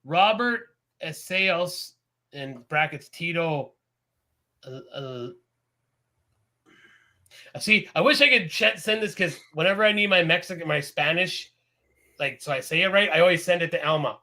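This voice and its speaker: A Canadian man co-hosting a podcast in casual chat, rambling and animated, laughing often. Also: a little high, measured pace, pauses often. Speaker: podcast co-host.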